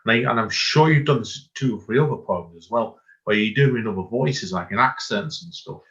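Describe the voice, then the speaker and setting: A man's voice: medium pitch, lively intonation, a little fast, fairly bright tone. A man hosting an interview, chatty and encouraging, asking rambling questions. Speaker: host. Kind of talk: casual interview chat. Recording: dull lo-fi audio.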